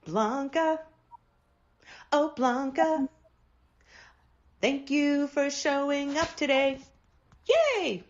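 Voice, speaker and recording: A woman putting on a cheery sing-song voice to croon a slow welcome jingle. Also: sits high, steady tone, fairly bright tone, muffled recording, pitched above the performer's own voice.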